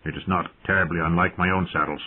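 A man's voice: sits low, flat delivery, fast talker, breathy edge. A man voicing a wry, sardonic adult dwarf lord in an audiobook, speaking in a dry, mocking, formal way. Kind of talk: audiobook character voice. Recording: tinny lo-fi phone-like sound.

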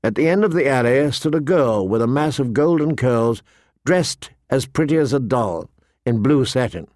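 Male narrator, storytelling, mid pitch, dry close recording. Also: lively intonation, moderate pace, darkish tone, no echo. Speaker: audiobook narrator. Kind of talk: scripted narration.

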